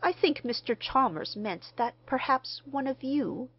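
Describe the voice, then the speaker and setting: A woman reading the part of a mild, courteous gentleman stranger who speaks formally. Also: sits high, expressive, a little slow, breathy edge, lo-fi sound, pitched above the performer's own voice, full character voice. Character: mild, polite middle-aged gentleman stranger.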